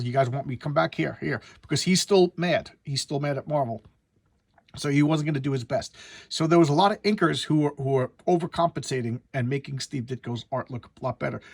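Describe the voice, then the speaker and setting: A man's voice: mid-range voice, dry recording. A man reviewing an old comic book in a casual, blunt, rambling way, often restarting his sentences.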